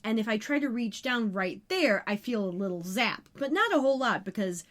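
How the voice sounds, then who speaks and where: A woman's voice: fairly high pitch, animated, a little fast, fairly bright tone. A woman co-hosting a podcast, recapping an episode in casual, rambling chat full of fillers. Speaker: podcast co-host.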